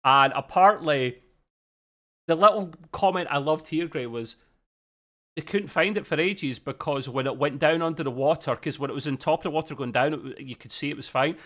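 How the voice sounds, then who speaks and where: A man, hosting a casual TV review chat, chatty and quick to laugh. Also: on the high side. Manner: chatty, animated, laughs often, quick quoted voices. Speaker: podcast host reviewing a TV episode.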